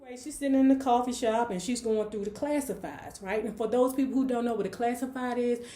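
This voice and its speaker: A woman's voice: fairly high pitch, a little fast, mellow. Sassy, blunt woman retelling a story. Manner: sassy, blunt, profane asides. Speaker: book club host. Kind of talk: casual story recap. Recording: roomy echo.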